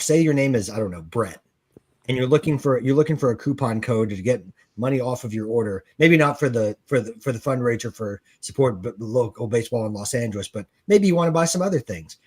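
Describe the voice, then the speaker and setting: A man hosting a casual sports talk show, loose and jokey, halting with fillers. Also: mid-range voice, a little mellow. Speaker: podcast host.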